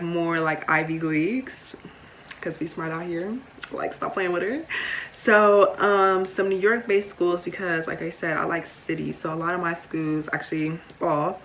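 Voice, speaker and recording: Teen girl vlogging, lowish voice, says like a lot, playful little asides. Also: fairly bright tone, a little hiss or hum. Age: late teens. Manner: chatty, many fillers, playful asides. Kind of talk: casual chat to camera.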